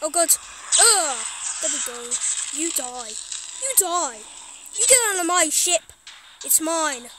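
A very high-voiced woman plays through a horror game, jittery and exclaiming to herself. She talks slowly and unhurriedly. A clear hiss of noise sits under her voice. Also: lively intonation. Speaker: gaming streamer. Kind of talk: horror game let's play.

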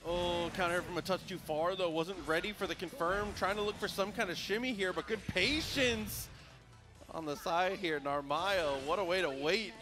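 A man giving steady play-by-play commentary on a fighting game match, explaining the technique. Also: sits high, moderate pace, music in the background. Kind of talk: live esports commentary.

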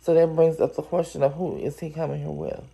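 A woman with a low, gravelly voice reads a story aloud at an unhurried pace. Her tone is dark and mellow, and she stops now and then to exclaim over what she is reading. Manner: reads steadily, then breaks in with animated, exclaiming asides. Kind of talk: story reading with chatty reactions.

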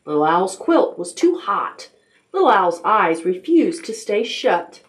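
A woman librarian reading a picture book aloud to toddlers in a gentle, expressive way. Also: medium pitch, measured pace. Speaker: children's librarian.

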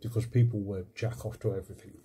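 A man's voice: fairly low pitch, fairly even intonation, fast talker, dark tone, slight background noise. A married man hosting a casual mukbang ASMR video at home, recorded on a phone, talking in a wry, self-mocking way and swearing casually. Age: adult, married. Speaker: ASMR channel host. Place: home with washing machine and computer running.

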